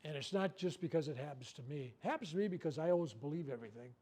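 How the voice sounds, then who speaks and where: An older man giving a workshop talk, telling a personal story with lively acted-out quotes and repeated words. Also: on the high side, racing. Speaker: workshop speaker. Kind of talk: storytelling talk to a live group.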